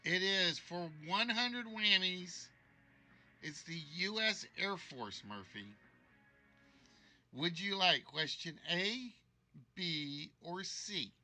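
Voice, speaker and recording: Slow-talking, bright-voiced game show host. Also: male voice, sits high, lively intonation. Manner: jokey, teasing the contestant. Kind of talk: hosting a live-streamed trivia game.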